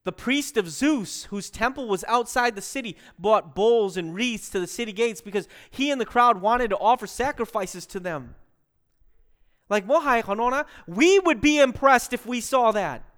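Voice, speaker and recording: A man delivers a sermon as a pastor, with a notably high voice. He talks with lively energy, slipping between English and another language and acting out the people he quotes. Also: normal speed.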